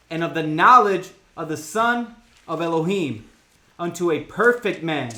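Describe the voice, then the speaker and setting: A man reading scripture aloud in a measured way and answering the host with short affirmations. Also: sits high, bright, forceful tone, roomy sound.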